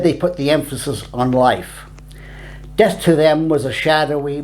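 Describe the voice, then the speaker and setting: A man's voice: mid-range voice, darkish tone. A man giving scripted narration of a reflective essay in a wry, darkly humorous manner.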